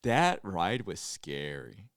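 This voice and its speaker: A man's voice: low-pitched, very animated, takes it slowly, no room sound, studio quality. A young man co-hosting a podcast, chatting casually, laughing often and acting out quotes as he retells a trip. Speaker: podcast co-host. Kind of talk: casual chat.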